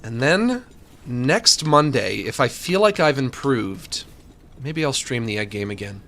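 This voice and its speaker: A man's voice: medium pitch, sing-song, a little slow, fairly bright tone. A man streaming a game live, rambling to himself and his chat in a casual style and slipping into mock-angry rants.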